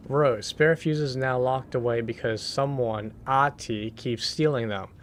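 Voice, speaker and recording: A man's voice: medium pitch, steady tone, unhurried, a little hiss or hum. Sex: man. Role: dry, sarcastic game streamer. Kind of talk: casual let's-play commentary.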